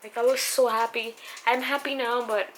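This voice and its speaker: A young woman vlogging about her anxiety, halting and emotional, with many fillers and pauses. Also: on the high side, fairly even intonation. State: anxious and upset. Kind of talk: personal vlog confession. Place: outdoors on a city street. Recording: loud street and traffic noise.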